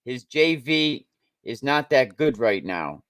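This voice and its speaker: A man talks high school sports in a blunt, opinionated way, circling back over his points. His voice sits at an everyday pitch. The sound is dry and close, with no room around it. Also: big pitch swings, slow, fairly bright tone, no echo. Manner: blunt, opinionated, repeats himself. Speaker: show host. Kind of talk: casual sports talk.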